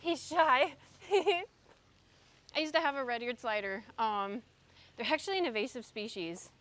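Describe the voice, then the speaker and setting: A young woman with a high, animated, fairly bright voice speaks a little slowly while live-streaming yoga from a windy park beside a pond. Recorded on a phone camera, she chats casually and reads out messages from her chat.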